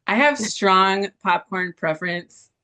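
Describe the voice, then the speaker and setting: A woman moderating a casual webinar panel. Her voice is bright and forward, and her talk is upbeat and chatty, with quick little reactions. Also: medium pitch. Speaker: webinar host.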